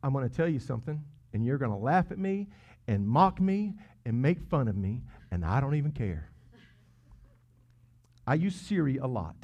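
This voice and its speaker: A man preaching a sermon, earnest and emphatic, swinging between loud peaks and hushed asides. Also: medium pitch, big pitch swings, normal speed. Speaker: pastor. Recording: dull lo-fi sound.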